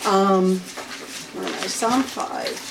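A woman leading an informal Bible study, unhurried and often stopping to clear her throat. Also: medium pitch. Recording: faint room noise, from a distance.

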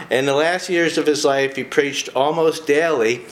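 A man's voice: a little high, big pitch swings, extremely slow, pauses often, a little hiss or hum. Chatty man reading aloud with asides. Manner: chatty, with frequent personal asides between read passages. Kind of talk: casual talk, reading a short biography aloud.

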